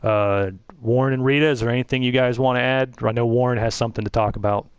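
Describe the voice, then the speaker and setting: A man running a pre-race drivers' briefing for an online racing league, relaxed and rambling, with frequent restarts. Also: medium pitch, fast, clean tone, low-quality recording. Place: online voice chat.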